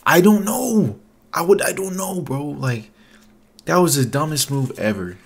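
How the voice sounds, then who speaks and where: A man's voice: on the high side, lively intonation, measured pace, breathy edge. A young adult man telling a casual storytime vlog, rambling and profane, with lots of "like" fillers. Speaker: vlogger.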